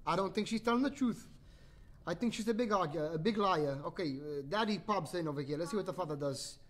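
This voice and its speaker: A man's voice: high-pitched, animated, fast. A man, hosting a playful bedtime story livestream with jokey, teasing asides. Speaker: host reading a bedtime story. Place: home livestream.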